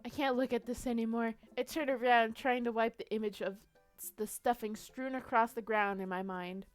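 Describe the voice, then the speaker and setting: Playful young woman streamer, bright clear voice. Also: a little high, steady tone, faint music behind. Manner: playful, quick to laugh, reads out story text. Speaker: streamer playing a detective role-play game. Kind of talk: casual live-stream narration and role-play.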